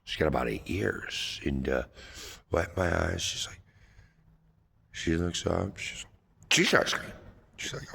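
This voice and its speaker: A man with a very low voice tells a personal story, circling back and repeating himself with plenty of "uh" and "you know". He swears freely and sounds earnest and emotional. A faint hum of background noise sits under his voice. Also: unhurried, vocal fry, long pauses, bright, forceful tone, long reverb tail. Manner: rambling, repetitive, with heavy fillers and frequent swearing.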